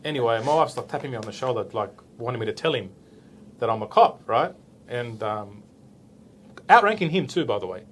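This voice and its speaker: Being interviewed, a police officer in his forties with an Australian accent spins a casual story, performing the dialogue with animation and a habitual "right?" He speaks a little fast at medium pitch, over a faint hiss or hum.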